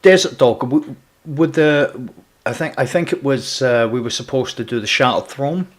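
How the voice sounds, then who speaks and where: Man, game livestreamer, casual rambling chat, average pitch, desk mic at home. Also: moderate pace. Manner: chatty, greets viewers by name, rambling restarts. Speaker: gaming livestreamer. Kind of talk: casual live-stream chat. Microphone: external USB mic at home gaming setup.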